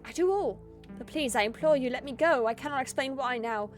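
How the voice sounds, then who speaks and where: A woman's voice: high voice, fairly quick, faint music behind, lightly acted. A woman voicing a weary male household worker who pleads earnestly in broken English. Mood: pleading.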